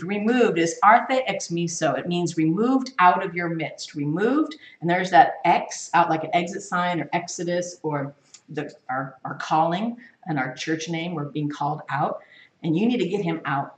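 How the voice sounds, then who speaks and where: A woman's voice: lowish voice, moderate pace. A woman leading a Bible study, teaching in an emphatic sermon style full of rhetorical questions. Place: church. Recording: echoey room, mic far off.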